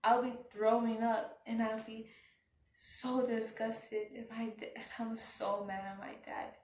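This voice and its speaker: A woman telling a personal story as a vlogger, speaking in a halting, subdued way with frequent restarts. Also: a little high, level tone, a little mellow, slight background noise. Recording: roomy, from some distance off the mic.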